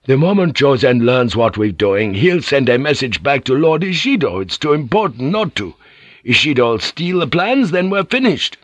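A man's voice: medium pitch, lively intonation, unhurried, no echo, pitched above the performer's own voice, natural voice. A cautious samurai adviser voices his worries heatedly, read by a man. His voice rises a little above the narrator's. The recording is dry. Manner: heated, anxious. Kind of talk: audiobook character reading.

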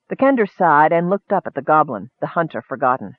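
A man narrating a fantasy story in steady, vivid audiobook style. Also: fairly high pitch, a little fast, hardly any pauses, no room sound. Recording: dry, narrow phone-like sound.

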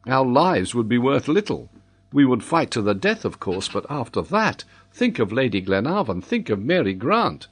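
A man's voice: mid-range voice, sing-song, moderate pace, husky. A man voicing a loyal young sea captain in an audiobook, speaking earnestly and steadily. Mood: warning.

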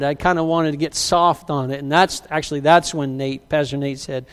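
A man's voice: on the high side, moderate pace, few pauses, clear, resonant tone. A middle-aged male pastor preaching a sermon, telling stories and acting out the people in them. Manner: animated storyteller who acts out quoted lines. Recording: long hall reverb.

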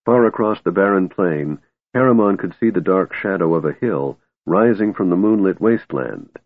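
A man narrating an audiobook in a steady, measured reading voice, on a tinny narrow-band recording. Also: low-pitched, no room sound.

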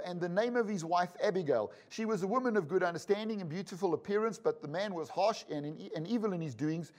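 A high-pitched man delivers a sermon in a conversational way. He reads long scripture passages and slips in wry asides to his listeners. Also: darkish tone. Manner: conversational preaching with joking asides. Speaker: pastor and Bible school teacher.

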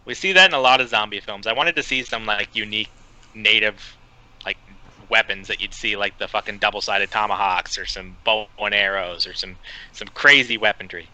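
A man co-hosting a film podcast, reading out his notes in a profane, deadpan way. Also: fairly low pitch, rough recording. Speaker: podcast co-host reviewing a film.

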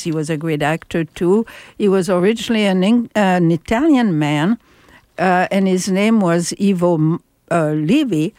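A woman's voice: lowish voice, a little mellow, dry recording. Chatty older French-accented woman host. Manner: chatty, with many fillers and restarts. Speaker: radio host. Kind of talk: casual radio chat. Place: radio studio.

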